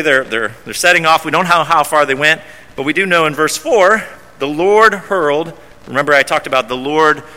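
A man's voice: on the high side, sharp tone. A male pastor preaching an expository sermon in a conversational way, often repeating and restarting words. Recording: long reverb in a large hall.

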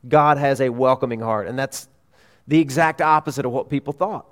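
A mid-pitched man delivers a sermon from a pulpit, earnest and emphatic. His voice swells on key pleas and drops to near-quiet asides. The sound carries the long reverb of a church sanctuary. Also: a little fast. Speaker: pastor.

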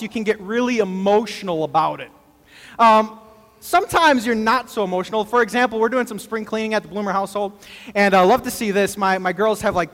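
A man preaching a sermon as pastor, talking conversationally and swinging between loud emphasis and quiet moments. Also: high-pitched. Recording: long hall reverb with faint music.

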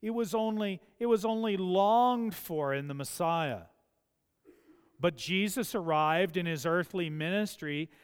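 High-voiced preacher man in a reverberant hall. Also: clean tone. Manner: emphatic, building to forceful peaks. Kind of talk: sermon. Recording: long church hall reverb.

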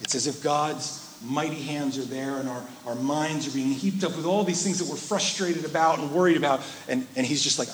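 Male pastor, sermon delivery, slightly high voice, dramatic swings from loud to hushed. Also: a little fast, few pauses, a little hiss or hum. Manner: animated, shifts from loud emphasis to hushed asides.

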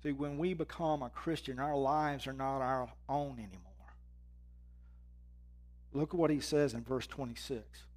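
Preaching without hurry, this man builds intensity as he reads scripture, then sinks to a low, quiet voice to press each point home.

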